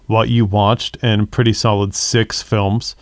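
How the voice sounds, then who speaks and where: A man with a smooth, clean voice chats about movies on a podcast in a thoughtful, easygoing way. His voice is recorded dry and close, with no room sound. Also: on the low side, flat delivery, slow pace, no echo. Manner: thoughtful, agreeable, builds on the other host's points. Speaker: podcast co-host. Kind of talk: casual movie discussion.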